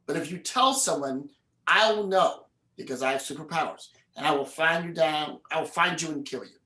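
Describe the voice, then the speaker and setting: A man voicing a calm, menacing male alien who has lived for centuries, speaking in low, flat threats. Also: moderate pace, reverberant, low-quality recording.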